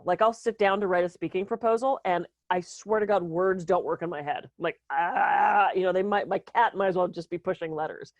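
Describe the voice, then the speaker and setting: A woman's voice: on the low side, fairly quick, hardly any pauses, dry recording, highs cut off. A woman co-hosting a podcast as a speaker and coach, telling candid stories about herself in a casual chat. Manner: candid, storytelling, self-deprecating.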